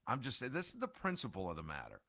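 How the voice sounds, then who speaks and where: A man's voice: medium pitch, wildly swooping pitch, racing, vocal fry, sharp tone, no room sound, clean studio sound. A man co-hosting a sports radio show in casual talk, ranting and firing off rhetorical questions.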